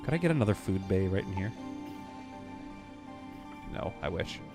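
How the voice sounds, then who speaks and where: A man's voice: sits low, lively intonation, moderate pace, gravelly, over music. A man from western Canada livestreaming a space-building game, thinking aloud and chatting with viewers as he plays. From Vancouver, Canada. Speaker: streamer playing a space sim. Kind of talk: live gameplay commentary, chatting with viewers.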